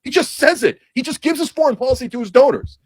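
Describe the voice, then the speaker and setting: Fast, lively man ranting about politics. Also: very high-pitched, breathy edge, no room sound. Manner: heated, sarcastic, blunt. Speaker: political commentator. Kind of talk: casual political commentary rant.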